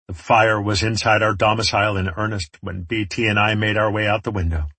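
A man's voice: fairly low pitch, fairly bright tone, breathy edge, dry recording. A man reading a first-person story aloud, with wry, sardonic asides. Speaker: audiobook narrator. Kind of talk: first-person audiobook narration.

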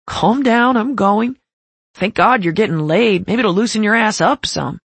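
A woman voicing a brash young male cousin who teases loudly in a raised voice. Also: extremely high pitch, sing-song, fairly quick, no room sound, voice pushed up, heavily acted. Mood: mocking.

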